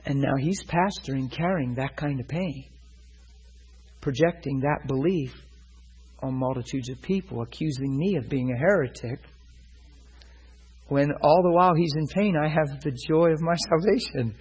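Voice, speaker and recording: A man delivers a sermon through a personal story, voicing both himself and the other man in the quoted talk. His voice is very husky and breathy, and he keeps checking that his listeners are following him. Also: fairly high pitch, moderate pace, a little mellow, low-quality recording. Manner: retells a personal story, quoting both sides; asks listeners if they follow. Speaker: preacher.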